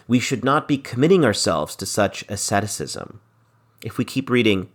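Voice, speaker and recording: A man's voice: on the low side, expressive, moderate pace. A man giving a literature lecture, reading passages aloud and explaining them, repeating key phrases for emphasis.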